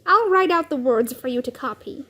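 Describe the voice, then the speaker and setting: A woman's voice: high voice, animated, normal speed, sharp tone. A woman voicing a cheerful, encouraging man who teaches second grade, in a storybook read-aloud. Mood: calm.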